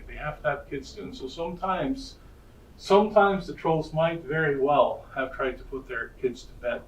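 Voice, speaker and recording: A man's voice: mid-range voice, slight background noise. A man from Norway with a Norwegian accent, casually telling childhood stories in a presentation, chatty and self-deprecating, with many restarts. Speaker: college counselor giving a presentation. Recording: roomy, distant mic with faint ambience.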